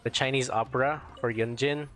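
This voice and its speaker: A man's voice: mid-range voice, fairly even intonation, brisk, a bit bright. A man streaming a game, chatting casually and rambling as he searches for words. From Philippines. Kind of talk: casual gameplay chat.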